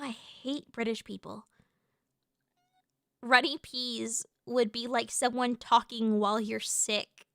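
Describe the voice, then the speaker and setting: A woman streamer chatting casually with her live chat, excitable and swearing freely, with lots of fillers and restarts. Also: fairly high pitch, no room sound, clean studio sound.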